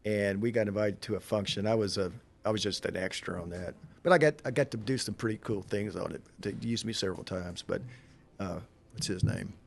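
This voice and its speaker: A man's voice: lowish voice, fairly even intonation, fairly quick, gravelly, a little hiss or hum. A male guest in casual conversation, telling rambling anecdotes. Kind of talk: casual chat.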